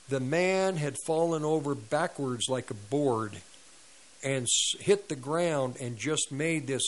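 A man's voice: mid-range voice, unhurried, fairly bright tone, low-quality recording. A man preaching on a radio ministry, retelling a story with quoted dialogue and sound effects. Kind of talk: sermon storytelling.

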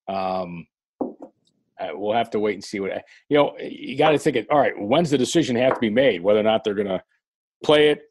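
A man's voice: lowish voice, darkish tone. A man co-hosting a sports radio talk show, talking hesitantly with many fillers and restarts.

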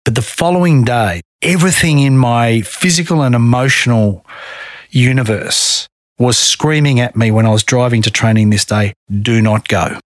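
A middle-aged Australian man telling his own story in a podcast interview, earnest and measured. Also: medium pitch, no room sound, clean studio sound. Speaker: guest.

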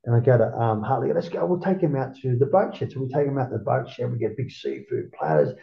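Gravelly Australian man, roomy muffled sound. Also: mid-range voice, fast talker. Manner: animated, swears constantly, acts out quoted voices loudly. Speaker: podcast guest. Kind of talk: casual storytelling interview.

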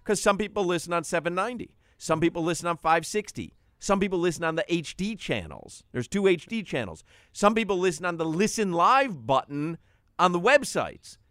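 Lively chatty male radio host. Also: sits high, a little fast, no room sound, clean studio sound. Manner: chatty, laughs often, plugs the podcast. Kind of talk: casual radio show banter. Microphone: studio microphone.

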